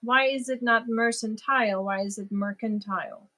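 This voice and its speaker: A woman's voice: fairly high pitch, moderate pace, bright, forceful tone. A woman with a German accent, a native German speaker, chatting casually with viewers as host of a crochet livestream, answering comments and laughing at herself.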